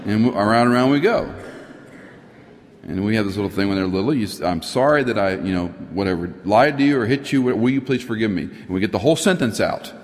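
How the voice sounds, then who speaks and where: A middle-aged man preaching a sermon, earnest, rising high for emphasis and dropping to a near whisper. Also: lively intonation, fast, slight background noise. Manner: earnest, rises in pitch for emphasis, drops to a near whisper at times. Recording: long hall reverb.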